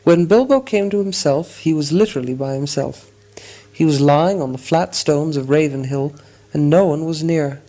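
A man reading a story aloud as audiobook narrator, in a measured storytelling manner. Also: on the high side, mellow. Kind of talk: scripted narration.

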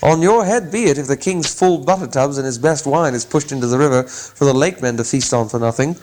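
Man doing boisterous young male elves, storybook, jeering and merry, high and sharp. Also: a little fast, close to an everyday voice, low-quality recording. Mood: mocking.

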